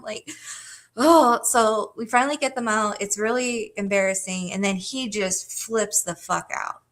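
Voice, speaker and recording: Hosting a livestream, a woman tells her chat a rambling personal story with casual profanity, lots of fillers and frequent laughter. She speaks at a measured pace in a mid-range, somewhat bright voice.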